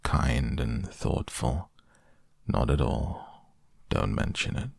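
A man voicing a gloomy, self-pitying old male donkey who talks in a slow, mournful, sarcastic way in a storybook reading. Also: a bass voice, vocal fry, dry recording, clean studio sound, pitched below the performer's own voice, full character voice.

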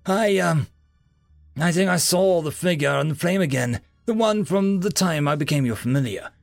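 Man doing a young male familiar, earnest, hesitant, halting, slightly gravelly. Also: a little high, dry recording, soft background music, voice pushed up.

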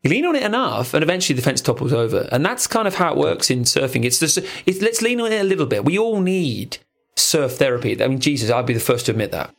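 Playful, animated podcast co-host man. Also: fairly high pitch, quick pace, gravelly, hardly any pauses. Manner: animated storyteller, playful and crude. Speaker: podcast co-host and relationship coach. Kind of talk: casual podcast chat. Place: recording studio.

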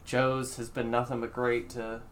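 A stand-up comedian chatting casually, halting and full of fillers as they search for words. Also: mid-range voice, completely flat delivery, over a noisy crowd. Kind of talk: casual chat.

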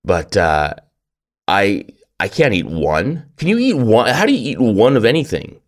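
Deep-voiced man, teasing podcast banter. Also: very animated, unhurried. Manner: wry, teasing, rambling jokes. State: morning voice. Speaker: podcast co-host. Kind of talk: casual chat.

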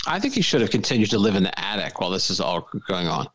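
A man's voice: low voice, sing-song, fast talker, a crowd in the background. A man co-hosting a podcast in casual chat, laughing easily and tossing out jokes and rhetorical questions. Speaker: podcast co-host.

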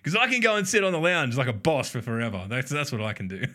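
A man chats loosely on a podcast, swearing freely and breaking into laughter often. His voice has a bright, forceful edge that cuts through, landing at a middling pitch for a man. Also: big pitch swings, fast. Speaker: podcast co-host. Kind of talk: casual chat.

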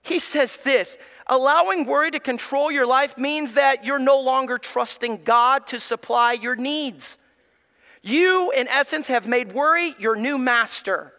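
A man's voice: very high-pitched, measured pace, bright, forceful tone, long reverb tail. A male pastor preaching a sermon in an emphatic, preacherly way, speaking directly to the congregation. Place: church sanctuary.

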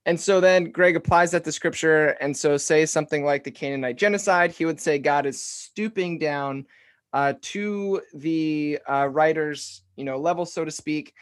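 A man hosting a casual interview, relaxed, summarizing the guest's ideas back with filler words. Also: fairly high pitch, moderate pace. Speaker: podcast host.

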